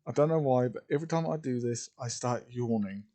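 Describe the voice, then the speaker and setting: A man's voice: mid-range voice, brisk, mellow. A tired, yawning man casually narrating his own fan story, rambling and apologetic.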